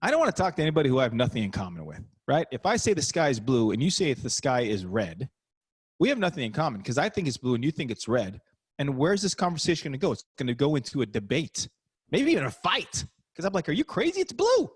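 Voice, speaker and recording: Animated, punchy man coaching on a call. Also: mid-range voice, quick pace, breathy edge. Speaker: basketball coach giving a talk. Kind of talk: motivational webinar talk.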